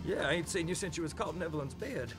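A man's voice: fairly high pitch, expressive, fast talker, natural voice. An actor playing a timid, anxious man who hesitates and placates in a video game. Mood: nervous. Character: nervous timid male pushover cousin. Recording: game audio under music.

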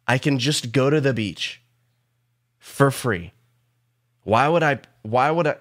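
A young man streaming a casual reaction to an album, excitable, swearing often and joking. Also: medium pitch, slow pace. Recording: faint pop music underneath. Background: pop music playing.

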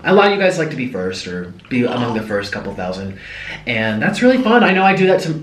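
A man's voice: mid-range voice, a bit bright, reverberant, far from the mic. A young man from the United States, chatting casually and rambling animatedly while eating on camera. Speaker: vlogger. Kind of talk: casual mukbang chat.

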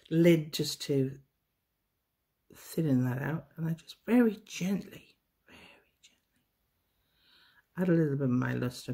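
With a low, mellow voice, a woman leads a relaxed hands-on baking demo. She chats away, pokes fun at herself, and frequently drops to a murmur while working.

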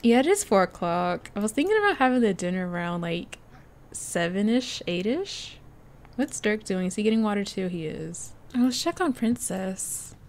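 Excitable woman doing let's play commentary, super chatty, laughs a lot. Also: medium pitch, normal speed, a little hiss or hum. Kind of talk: casual gameplay commentary.

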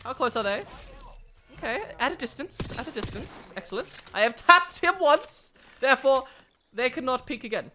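A woman giving excitable gameplay commentary, swearing often and boasting playfully at her enemies. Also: high voice, moderate pace, soft background music. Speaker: gaming video creator.

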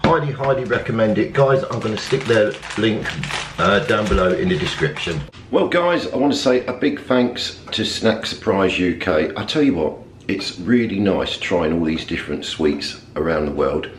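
A man's voice: lowish voice, lively intonation, moderate pace. A man, chatting upbeat to viewers as he reviews snacks in a casual family vlog. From England. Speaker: family vlogger. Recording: echoey room, faint background noise.

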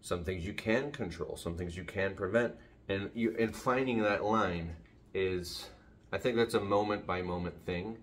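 A very low-voiced man talking into his phone at home, wandering from thought to thought. He restarts his sentences and drifts off topic. A faint hiss sits under the recording. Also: unhurried. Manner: rambling, jumps off topic, many restarts. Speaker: vlogger. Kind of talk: casual rambling vlog. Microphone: phone camera.

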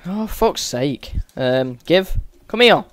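A man's voice: fairly high pitch, expressive, slow, no room sound. A man giving sweary, exasperated running commentary over a video game as a gaming channel host. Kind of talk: let's-play game commentary.

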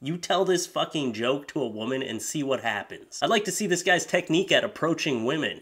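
A commentary host with a fairly high, slightly rough, a bit bright voice talks fast and expressively, hardly pausing. He reads posts aloud for comedic commentary, sarcastic, crude and mocking, using exaggerated voices and laughing at his own jokes.

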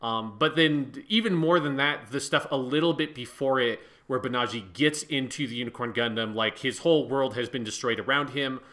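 A man co-hosting a podcast in casual chat, talking excitedly, swearing often and filling his speech with "like". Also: mid-range voice, normal speed, hardly any pauses. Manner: excited, swears a lot, fills with "like". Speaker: podcast co-host.

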